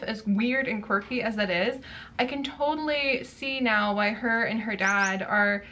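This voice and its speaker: Woman, young adult, high-pitched, excitable, gushing, casual unboxing chat, faint background noise. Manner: gushing, excitable, quick to exclaim. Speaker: book unboxing vlogger.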